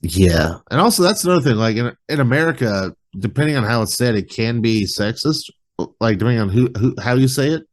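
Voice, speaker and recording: A man hosting a podcast in casual chat, relaxed and rambling, filling his talk with "like", over a video call webcam. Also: medium pitch, brisk.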